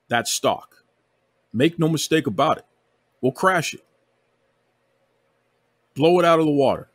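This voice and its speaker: The wrestling podcast host speaks at medium pitch with a breathy edge and no room sound, recorded remotely. He rants heatedly, leaning on emphasis and calling people out through repetition.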